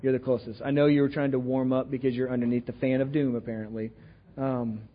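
A man's voice: medium pitch, flat delivery, quick pace, narrow, tinny audio. A man with a Texan accent preaching a sermon in a casual, joking way, often checking in with the room. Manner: conversational, jokey, asks the room "right?" often. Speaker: pastor. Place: church sanctuary.

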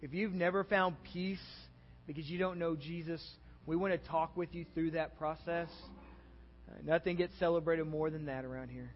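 A man's voice: on the high side, fairly even intonation, moderate pace, in a large hall, muffled recording, a little hiss or hum. A man with a Texan accent preaching a sermon as pastor, earnest and conversational, rising in intensity.

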